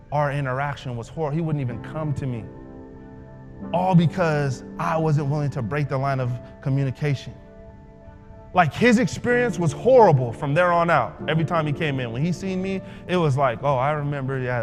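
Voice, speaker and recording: A man delivering a motivational talk in a large hall, with a high, very lively voice that leaps around as he tells his story. He acts out the other people's lines, his voice carries with a long reverb, and faint music plays underneath. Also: normal speed. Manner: animated, acts out dialogue. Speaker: motivational speaker. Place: large hall, live event.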